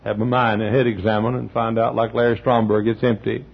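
Male pastor, sermon, church, storytelling, clears throat often, gravelly husky voice, dull lo-fi recording. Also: fairly low pitch, level tone, fairly quick. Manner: storytelling, acting out quotes, frequent throat clearing.

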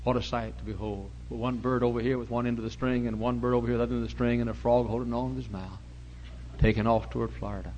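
A male pastor preaching a sermon, telling folksy stories and rising to loud preaching. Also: medium pitch, fairly even intonation, fast, lo-fi sound, slight background noise.

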